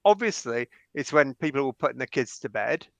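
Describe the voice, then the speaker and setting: A man's voice: mid-range voice, expressive, fairly quick, creaky, no echo. A man from Bradford hosting a live panel chat, playful and teasing. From Bradford, England. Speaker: panel show host.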